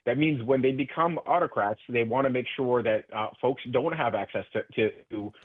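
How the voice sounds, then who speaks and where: A man's voice: mid-range voice, normal speed, no echo. A man speaking as a guest in a radio interview by phone, passionate and earnest, with many restarts. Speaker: political guest. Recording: tinny phone line.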